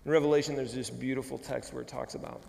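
A man from California preaching a sermon as pastor, emphatic and swinging between loud declarations and hushed asides. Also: medium pitch, fairly even intonation, quick pace, vocal fry, long reverb tail. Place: church sanctuary.

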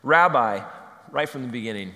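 Lively, bright-voiced preacher in a reverberant hall. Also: male voice, medium pitch, fairly quick. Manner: playful, acts out dialogue with humor. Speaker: pastor. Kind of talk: conversational sermon. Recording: long reverb of a large hall.

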